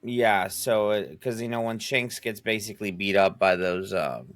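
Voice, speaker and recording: Low-voiced man rambling on a podcast, dry sound. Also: normal speed, fairly bright tone, dry recording. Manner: enthusiastic, rambling, swears freely. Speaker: podcast co-host. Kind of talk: casual chat.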